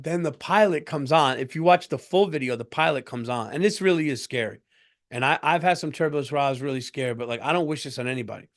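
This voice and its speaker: A middle-aged man with a mid-range voice hosts a comedy podcast in a loose monologue. He tells the story with lively energy, restarting phrases and laughing along the way. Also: medium pitch. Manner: animated, breaks into laughter, lots of restarts.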